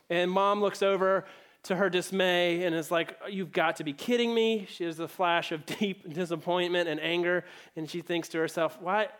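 Mężczyzna, pastor wygłaszający kazanie, nieco wysoki głos. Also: male voice, on the high side, a bit bright. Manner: conversational storytelling preacher, acts out quoted voices. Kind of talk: sermon.

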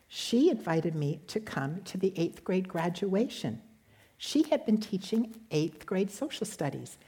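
Woman, devotional sermon, gentle storytelling, husky, low-pitched. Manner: gentle storytelling, ends in prayer. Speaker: speaker giving a devotional talk.

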